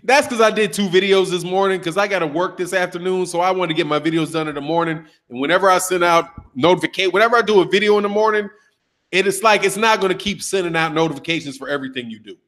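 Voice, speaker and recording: A man's voice: high-pitched, fast talker. A man in his thirties hosting a boxing channel, talking casually and profanely, trash-talking while reading a live chat. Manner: animated, profane, trash-talking, laughs often.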